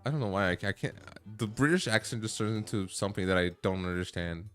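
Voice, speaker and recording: A man's voice: on the low side, quick pace, fairly bright tone, soft background music. A male streamer giving playful, laughing commentary while reading a story game aloud.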